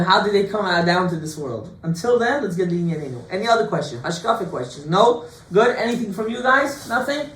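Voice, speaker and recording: A man, a rabbi, giving an informal Torah class to students, lively and joking, full of rhetorical questions. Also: high voice, a little fast. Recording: echoey room, distant mic, faint hiss.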